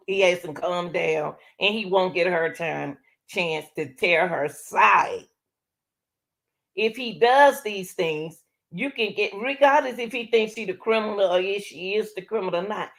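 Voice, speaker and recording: A woman's voice: mid-range voice, expressive, measured pace. A woman host talking casually and explaining step by step as she comments on a recorded call.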